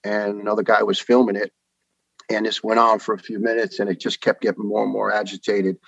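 A man in his fifties with a New York accent, a podcast guest telling stories earnestly with many pauses and uhs. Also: fairly low pitch, flat delivery, gravelly, fairly bright tone, dry recording, muffled recording. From New York City. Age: 50s. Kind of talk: casual interview talk.

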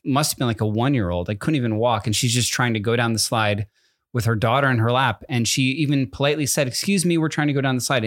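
A man's voice: mid-range voice, a bit bright, no room sound, studio quality. A man in his thirties, a podcast co-host, chatting casually and telling a rambling story with many self-corrections. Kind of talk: casual chat.

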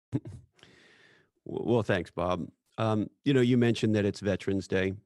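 A man's voice: lowish voice, measured pace, darkish tone, no echo, studio quality. A middle-aged man speaking as a podcast guest, telling personal stories in an earnest, reflective way. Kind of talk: casual chat.

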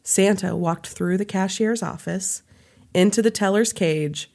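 A woman hosts a podcast and reads a story aloud in a relaxed, chatty way. She stops now and then for a laugh or a quick aside about the details. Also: mid-range voice, gravelly. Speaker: podcast host. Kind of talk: casual storytelling chat.

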